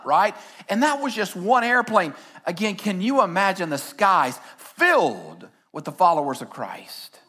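Bright, lively man preaching a sermon. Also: high voice, moderate pace, slightly rough. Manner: animated storytelling with shouted asides and scripture reading. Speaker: pastor. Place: church stage.

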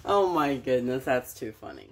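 A woman's voice: a bass voice, very animated, moderate pace, a little hiss or hum. A woman in her home kitchen, chatting to her dogs in a sing-song, doting voice. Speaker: dog owner.

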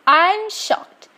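Let's-play host: young woman, Portuguese accent, high voice, unhurried, chatty and easily excited. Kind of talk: casual gameplay commentary.

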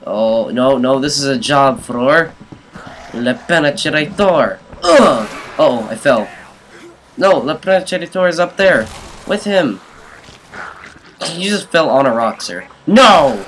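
A young man giving jokey let's play commentary on a zombie game, yelling at enemies and talking to his viewers. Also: mid-range voice, a little hiss or hum, low-quality recording. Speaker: gaming YouTuber.

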